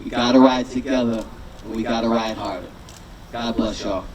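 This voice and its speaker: A man's voice: mid-range voice, steady tone, moderate pace. A man giving a rousing rally speech outdoors, repeating lines and leading the crowd in a chant. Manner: rousing, repetitive, leads a call-and-response chant. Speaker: rally speaker, city councilor. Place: outdoor sports field rally. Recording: distant mic with crowd noise.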